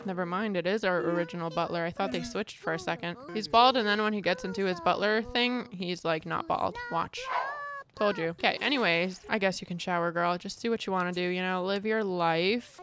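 A young woman gaming streamer plays a life-sim game, giving dramatic, exasperated casual commentary with mild cursing. Her voice is fairly low and a little fast, with background noise.

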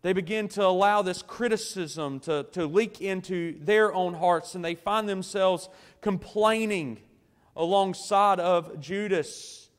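Male pastor, sermon, slightly high voice, earnest emphatic delivery, reverberant church sanctuary. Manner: earnest preaching with slow emphatic phrases and soft drops. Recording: long church hall reverb.

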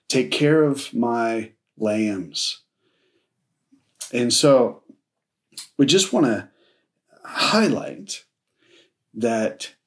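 This is a man giving a church sermon at an unhurried pace, his pitch sitting in an ordinary middle range. He tells the story casually, with friendly slang, and briefly acts out both sides of a conversation. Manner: acts out dialogue in his telling. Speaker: pastor.

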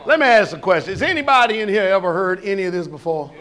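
Man preaching a sabbath sermon, really high voice, folksy and lively, keeps asking the church questions. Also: quick pace. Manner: folksy, animated, shouts and laughs; questions the congregation.

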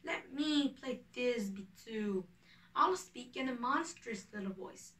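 A woman with a bright voice, a little high for a woman, reads the role of a boastful, eager male weaver who acts as an amateur. She's animated but slow, recorded far from the mic in an echoey room.

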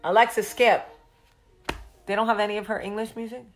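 A woman's voice: medium pitch, level tone, fairly quick, faint music behind. A woman, chatting casually and profanely as a vlog host. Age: 40s. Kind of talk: casual chat.

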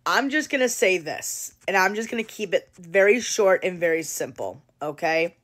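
A woman's voice: fairly low pitch, expressive, normal speed, fairly bright tone. Woman livestreamer repeating "okay?" to chat. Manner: repetitive, keeps adding "okay?" to reassure viewers; earnest, lectures viewers on ignoring online hate.

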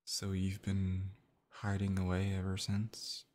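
A man in a whispered role-play as a boyfriend, talking softly and reassuringly, sometimes in an unvoiced whisper. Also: low-pitched, monotone, takes it slowly. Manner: soothing, gentle, reassuring; soft, partly unvoiced whispering.

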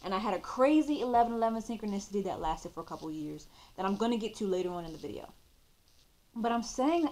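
Chatty female vlogger, twenties, mid-pitched voice, loose and expressive storytelling. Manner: chatty, expressive, addresses viewers as y'all. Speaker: YouTuber. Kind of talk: casual storytelling to camera.

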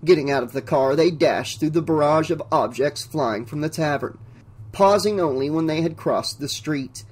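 A man narrates an audiobook in a measured, even storytelling manner. His voice is a little high and slightly rough.

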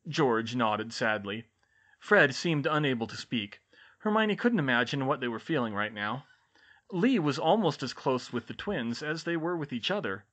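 A man narrating a fan-fiction audiobook in an expressive reading style. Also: mid-range voice, normal speed.

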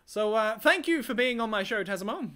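A gaming host chatting casually and excitably while playing with a guest, laughing easily. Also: mid-range voice, brisk.

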